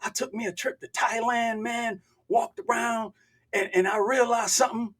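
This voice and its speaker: A man playing a young Memphis ex-gangbanger, Memphis Southern accent, husky, higher-set, easygoing. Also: fairly even intonation, moderate pace, a bit bright. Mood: earnest. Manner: laid-back street talk. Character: young former gang member from Memphis, streetwise.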